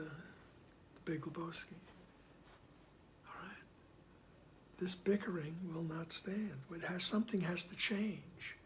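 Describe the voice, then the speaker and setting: A man giving reflective commentary on a spiritual text. He speaks softly, often slips into a whisper, and keeps checking in with "right?". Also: high voice, slight background noise. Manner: soft-spoken, often dropping to a whisper; unhurried, checks in with "right?" after each point. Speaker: spiritual study reader and commentator.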